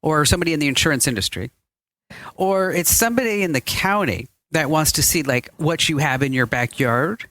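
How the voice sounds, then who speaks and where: A woman's voice: deep voice, animated, a little fast, a bit bright, no echo. A woman hosting a podcast in casual chat, chatty and laughing often, recorded in a studio. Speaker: podcast host. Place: studio with chairs.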